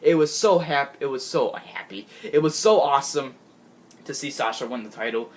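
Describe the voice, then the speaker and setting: A man giving an excitable, gushing casual recap of a show he watched, laughing often and restarting his sentences. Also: mid-range voice, moderate pace. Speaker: wrestling fan recapping a show.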